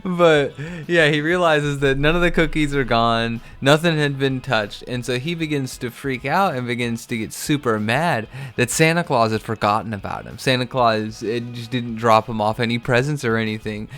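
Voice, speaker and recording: A man's voice: medium pitch, normal speed, few pauses, fairly bright tone. A man hosting a casual, amused comic book recap with loose fillers.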